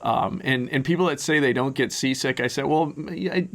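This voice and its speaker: A man's voice: medium pitch, normal speed, a bit bright. A man hosting a podcast, chatting casually and rambling, with many restarts and fillers. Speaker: podcast host. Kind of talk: casual interview chat.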